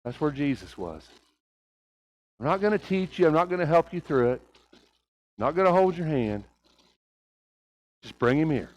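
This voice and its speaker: A very animated preacher, his voice on the high side, speaks at a moderate pace with long pauses. He carries a light Oklahoma Southern accent, asks his congregation rhetorical questions and alternates between hushed and raised delivery. The recording is rough.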